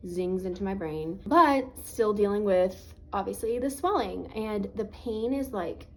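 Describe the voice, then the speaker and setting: An animated woman with a mid-range, darkish voice speaks at a measured pace on poor audio. Talking to camera through a swollen, sore face, she tells a personal story in a casual, chatty manner sprinkled with "like," reflecting earnestly on her faith.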